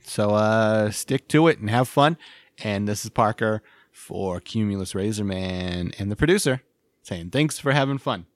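A man's voice: lowish voice, animated, a little slow, no room sound. A man co-hosting a casual podcast, teasing and joking in short quips. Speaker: podcast co-host.

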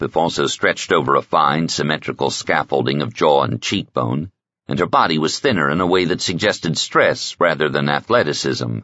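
A male audiobook narrator with a very deep, low voice and a measured, even delivery. The sound is dry with no room tone and slightly muffled in the highs. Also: no room sound. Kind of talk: scripted narration.

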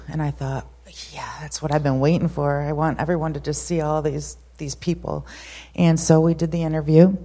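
Low, flat-voiced nervous woman speaker. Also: dry recording. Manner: nervous, halting, many fillers. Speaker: guest speaker, photographer. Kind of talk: personal testimony at a church service.

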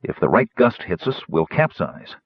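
An earnest, cautious young knight speaks firmly in a low, husky voice with a lively lilt, read by a man in an audiobook. The sound is dry and a bit dull. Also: normal speed, dry recording.

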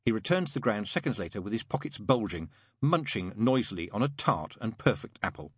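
A middle-aged man reading a story aloud in an expressive, playful storytelling manner. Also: fairly low pitch, fairly quick, slightly rough, no echo, clean studio sound. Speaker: audiobook narrator. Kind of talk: scripted audiobook narration.

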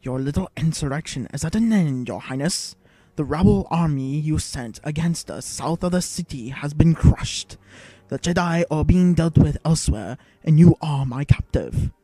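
A man's voice: fairly high pitch, animated, moderate pace, no room sound. A man reading aloud and voicing a scheming, arrogant alien male viceroy with a strained, oddly nasal timbre and an angry, blustering manner. He barks orders as the viceroy. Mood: smug. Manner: blustering, orders shouted in rising anger.

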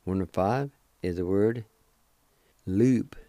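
A man's voice: on the low side, slow, dark tone, no echo. A man hosting a radio language lesson, patiently spelling out words letter by letter and repeating their pronunciation. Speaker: radio language teacher and host.

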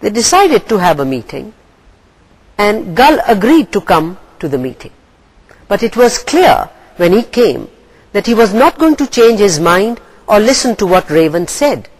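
A Pakistani woman who lectures in English reads a story aloud, then works through comprehension questions in a deliberate, expressive manner. Her voice is medium-pitched, and the audio quality is poor.

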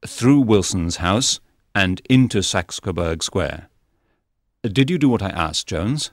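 A man reading the part of a calm, clever male detective in an audiobook, speaking in a measured, explanatory manner. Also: low voice, dry recording, studio quality. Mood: tense.

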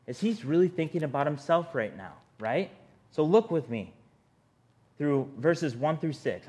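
A man preaching a sermon in an earnest, conversational way, often speaking straight to his listeners. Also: a little high.

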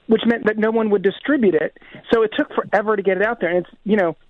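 A man's voice: sits high, fairly even intonation, fast talker, dry recording. Man on a tinny phone line. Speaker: guest filmmaker. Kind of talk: phone-in interview.

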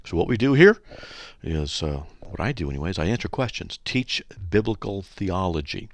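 A man hosting a radio talk show, speaking bluntly and argumentatively, with animated, joking asides. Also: deep voice, moderate pace, dry recording.

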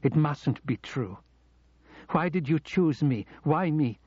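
A man's voice: on the high side, expressive, slow, a little mellow, husky, no room sound, voice pushed up, heavily acted. A man reading an audiobook, voicing an anxious young woman who pleads and stammers in disbelief, on a dull recording. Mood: pleading.

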